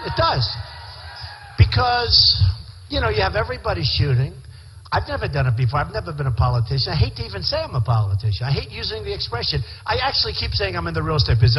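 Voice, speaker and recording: A man with a high, bright voice gives a rambling, boastful campaign speech, circling back to repeat himself. He speaks into a podium microphone in a large indoor rally venue. A long hall reverb trails his words, with faint crowd ambience underneath. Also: slight background noise. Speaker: presidential candidate.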